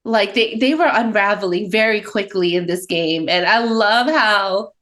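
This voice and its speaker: A woman co-hosting a casual podcast chat, relaxed and easygoing. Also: mid-range voice, a little slow. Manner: laughs often, relaxed and easygoing. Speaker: podcast co-host.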